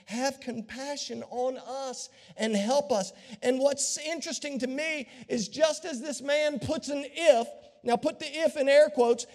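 A man preaching a sermon as pastor, dramatic, acting out the voices of Bible figures and swinging from hushed tones to shouts. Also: very high voice. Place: church sanctuary. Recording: long hall reverb.

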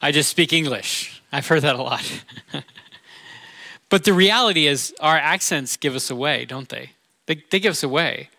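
Bright-voiced Midwestern pastor preaching. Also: male voice, a little high, normal speed, creaky, dry recording. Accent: Midwestern American. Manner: earnest, conversational preaching with rhetorical questions. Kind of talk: sermon.

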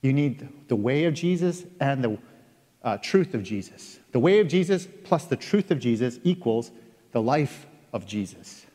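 A man preaching a sermon in an earnest way, reading scripture aloud and stressing key words with pauses. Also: medium pitch, lively intonation, dark tone. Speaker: pastor. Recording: long reverb of a large hall.

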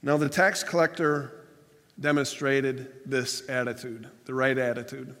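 A man's voice: medium pitch, flat delivery, measured pace, a bit bright. Man preaching in a reverberant church. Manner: earnest, plainspoken storytelling with restarts. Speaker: pastor. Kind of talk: sermon. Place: church sanctuary. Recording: long hall reverb.

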